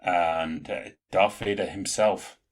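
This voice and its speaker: A man's voice: low voice, steady tone, slow. A man co-hosting a podcast in casual chat, rambling through film trivia. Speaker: podcast co-host.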